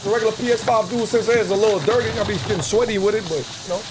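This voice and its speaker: A man's voice: high-pitched, very fast. A man giving boisterous, taunting gameplay commentary in swaggering slang as a streamer. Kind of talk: trash-talking gameplay commentary. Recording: gameplay audio with noise behind.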